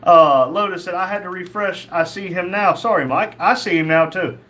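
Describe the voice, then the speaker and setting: A man running a casual livestream reads chat comments aloud and replies in a blunt, crude, joking manner. He speaks at normal speed in a high-pitched voice that's bright and forceful.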